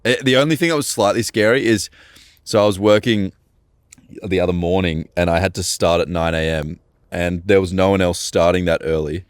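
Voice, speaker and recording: A man's voice: low voice, fairly quick, no echo, studio quality. A young man co-hosting a podcast in casual chat. He rambles through stories and acts out the dialogue. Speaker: podcast co-host.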